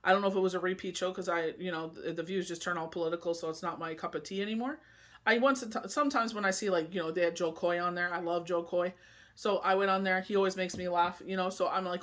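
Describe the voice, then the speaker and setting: A tarot and oracle card reader giving a casual spoken forecast, rambling and chatty, often asking "you know what I mean" and reading card meanings aloud slowly. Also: mid-range voice, steady tone, a bit bright.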